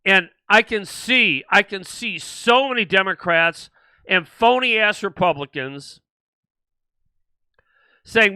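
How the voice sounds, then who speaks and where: A man's voice: high voice, animated, slow pace, long pauses, sharp tone, clear, resonant tone, no room sound. An older man hosting a political livestream, ranting indignantly and repeating himself as he restarts sentences. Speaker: host.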